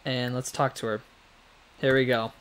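A man's voice: medium pitch, flat delivery, moderate pace, a bit bright, faint music behind. A man giving casual, chatty commentary on his own gameplay, talking to the game characters and laughing often. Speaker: let's play gamer.

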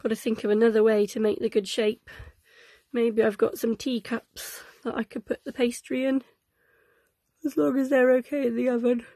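A woman's voice: fairly high pitch, flat delivery, normal speed, mellow, dry recording. A woman reading an old cookbook aloud to children in a cosy, chatty, sing-song way, sounding sleepy and yawning. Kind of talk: gentle read-aloud for children.

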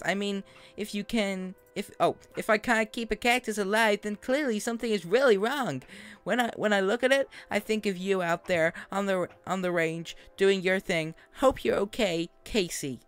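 Man putting on a gushing high-voiced young woman. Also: clear, resonant tone. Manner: high, bright, gushing and sing-song.

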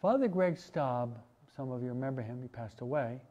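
A man, a priest, teaching a parish catechesis class in a relaxed, conversational way, asking his listeners questions. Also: medium pitch, moderate pace, highs cut off. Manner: conversational, asks the audience questions, many restarts and asides. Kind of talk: informal parish teaching talk.

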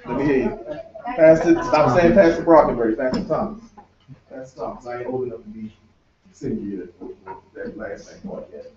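A man's voice: medium pitch, moderate pace, long pauses, far from the mic. Man, pastor, leading prayer, rallying the crowd, echoey conference room, dull lo-fi sound. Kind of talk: leading prayer and introducing a speaker. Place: conference room used as a sanctuary.

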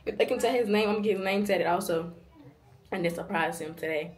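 A laid-back young woman in her early twenties chats to her camera, slangy and easygoing. Her voice sits at a middle pitch, recorded close on a phone with a faint hiss behind it. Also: quick pace. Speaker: vlogger. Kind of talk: casual vlog talk to camera.

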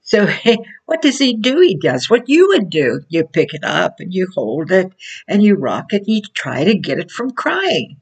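A woman preaching in an informal sermon, telling her points as slow stories and laughing often between phrases. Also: fairly low pitch, sing-song, slightly rough. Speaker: Christian teacher. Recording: voice from far off the mic.

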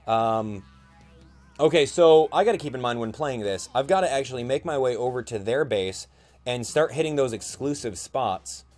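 A young man giving casual gameplay commentary, chatty and excitable, thinking aloud with plenty of fillers. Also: mid-range voice, normal speed, faint music behind. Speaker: gaming YouTuber.

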